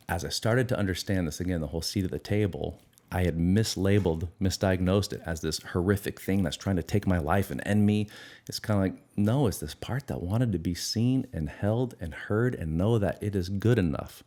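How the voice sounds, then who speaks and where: A middle-aged man with a very low voice speaks earnestly in an interview. He reflects on his own experience and now and then acts out little inner conversations. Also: darkish tone. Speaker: guest, addiction recovery expert.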